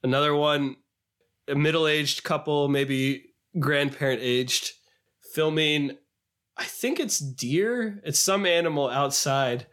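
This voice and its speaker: A man co-hosting a podcast in casual chat, animated and sometimes quoting clips in a higher put-on voice. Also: takes it slowly. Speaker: podcast co-host.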